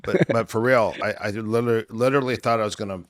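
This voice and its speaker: Middle-aged guy, kinda low voice, rambly stories full of uh and um, throat a bit worn. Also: steady tone, fast talker. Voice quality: voice strained from years of yelling. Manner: rambling anecdotes with many fillers and self-corrections. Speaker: guest, MMA coach. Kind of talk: casual storytelling interview.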